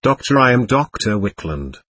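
A man reading the part of a calm, patient male doctor who explains things to a spirit, in a husky voice. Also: medium pitch, normal speed, dry recording.

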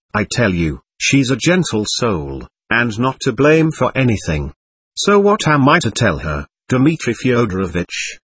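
A man plays a good-hearted old police captain, earnest and fatherly, his voice rising and falling with feeling. The husky tone sits in a dry, close recording. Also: medium pitch, no echo, exaggerated voice. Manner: warm, fatherly, earnest urging. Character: kindly older male police captain, excitable.

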